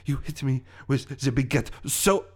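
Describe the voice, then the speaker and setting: A man's voice: medium pitch, animated, moderate pace, a little mellow, close to an everyday voice. A man voicing a vengeful, pompous French tennis player villain in a put-on French accent, theatrical and indignant.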